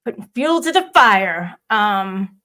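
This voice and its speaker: A woman's voice: medium pitch, very animated, slow, bright, forceful tone. A woman hosting a live audio chat room, rambling and blunt, swearing casually as she addresses listeners.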